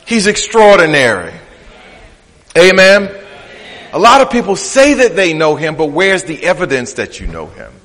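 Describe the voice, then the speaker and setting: A man's voice: high-pitched, very animated, normal speed, fairly bright tone. A middle-aged man preaching a sermon emphatically, his delivery rising and falling, with a Black vernacular flavor. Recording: long hall reverb.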